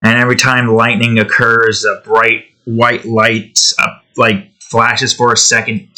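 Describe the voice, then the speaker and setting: Bright-voiced man rambling while he draws. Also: medium pitch, flat delivery, a little slow. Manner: rambling and chatty, with many fillers and asides. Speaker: digital artist and channel host. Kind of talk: casual rambling commentary while drawing. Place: at home indoors, with his cat nearby.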